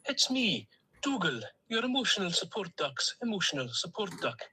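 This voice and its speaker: A man's voice: high-pitched, sing-song, normal speed, bright, forceful tone, slight background noise, exaggerated voice, low-quality recording. A man voicing a chatty plastic male duck with a Stornoway accent, who tells long, jolly, rambling stories in a comic voice-note monologue. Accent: Scottish, Stornoway.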